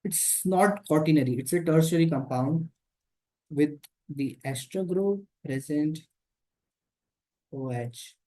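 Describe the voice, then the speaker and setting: Speaking slowly with long pauses in a deep, dark voice, a woman with an Indian accent gives an exam-prep lecture. She moves between English and Hindi, repeats key points, and explains as she draws structures.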